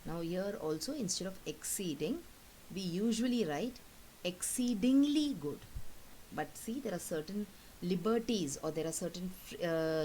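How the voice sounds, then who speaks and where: A woman's voice: fairly low pitch, mellow, a little hiss or hum, poor audio. A woman teacher, patiently explaining a lesson and checking understanding with frequent questions. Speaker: English teacher. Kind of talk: recorded classroom lesson.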